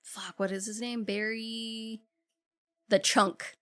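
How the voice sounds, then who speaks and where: A woman co-hosting a podcast, casually recapping a horror film and acting out characters' lines in quick quotes. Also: a little high, flat delivery, bright, forceful tone. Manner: retells scenes in quick acted-out quotes, swears casually. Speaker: podcast co-host. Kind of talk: casual movie recap chat.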